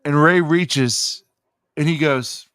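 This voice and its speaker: A man's voice: a little high, takes it slowly, fairly bright tone, clear, resonant tone, no room sound. A man talks unhurriedly on a casual podcast, winding through a profane, ranting story. His voice sits close and dry, with no room sound around it. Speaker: podcast co-host.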